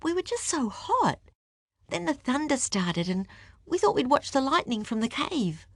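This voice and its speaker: A woman voicing a quiet, timid young girl. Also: very animated, measured pace, no room sound, clean studio sound, full character voice. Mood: sheepish. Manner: soft, quiet and high. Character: timid small younger sister.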